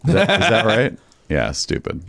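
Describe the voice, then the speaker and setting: A man's voice: on the low side, wildly swooping pitch, moderate pace, gravelly, a bit bright, dry recording. A man co-hosting a podcast in casual chat, telling stories and laughing easily. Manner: chatty, storytelling, laughs easily. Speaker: podcast co-host.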